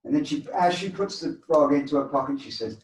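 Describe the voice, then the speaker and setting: A man's voice: on the high side, expressive, fairly quick, echoey room, recorded from a distance, poor audio. A man in a group call telling a playful joke story, acting out its voices. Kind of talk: casual storytelling.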